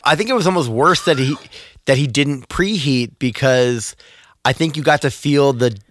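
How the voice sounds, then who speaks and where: Musing podcast man, mid pitch. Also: a bit bright, no echo, clean studio sound. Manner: musing, asks questions, slows down for detail. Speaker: podcast co-host. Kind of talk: casual podcast chat.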